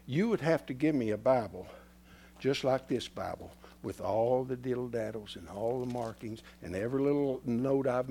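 A man preaching a sermon, swinging from loud declarations to hushed, near-whispered lines. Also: mid-range voice.

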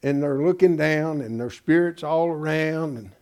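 A man's voice: fairly high pitch, normal speed, darkish tone. A pastor preaching in an emphatic, folksy way, asking his congregation rhetorical questions. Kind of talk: sermon.

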